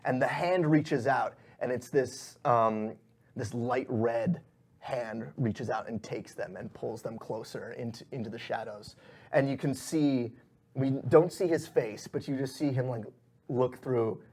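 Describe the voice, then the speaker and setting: Male game master, middle pitch, husky, rambling scene-setting narration. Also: a little slow, darkish tone. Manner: loose, filler-heavy storytelling.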